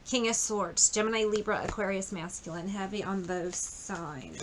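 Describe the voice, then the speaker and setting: A woman talks through a tarot spread in a loose, chatty way, swearing without a second thought. Her voice is bright and a little sharp. A faint hiss sits under the recording. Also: mid-range voice, moderate pace, few pauses. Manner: chatty, blunt, swears freely. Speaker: tarot reader. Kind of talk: casual tarot reading with storytelling.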